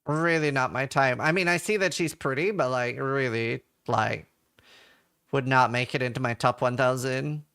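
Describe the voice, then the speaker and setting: A man's voice: mid-range voice, normal speed, sharp tone, clean tone. A man from Norway, a game streamer, chatting casually and reading his chat aloud with offhand swearing.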